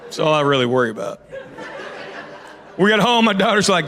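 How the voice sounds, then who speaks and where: A man's voice: on the high side, big pitch swings, brisk, fairly bright tone. A middle-aged man performing a stand-up comedy routine, telling stories in a drawling, conversational way with asides to the crowd. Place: comedy club stage with a live audience. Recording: live club recording with audience noise.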